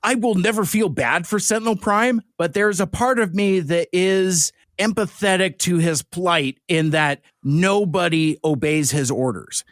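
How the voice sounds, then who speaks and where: A man's voice: sits high, unhurried, hardly any pauses, no room sound, clean studio sound. A man co-hosting a podcast, chatting casually and animatedly, laughing often. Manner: animated, laughs often, does silly voices. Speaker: podcast co-host. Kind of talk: casual chat.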